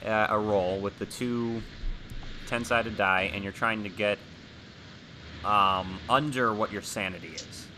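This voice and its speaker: A man running a tabletop horror game as game master, relaxed, often asking the players what they do. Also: on the low side, a little slow, slight background noise. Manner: relaxed, asks players questions, fillers.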